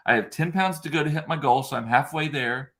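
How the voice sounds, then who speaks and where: A man's voice: on the high side, fairly quick, fairly bright tone. A man from South Texas, talking casually to viewers in a rambling way, full of fillers and restarts, and stopping to answer their comments. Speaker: vlogger. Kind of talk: casual live-stream chat.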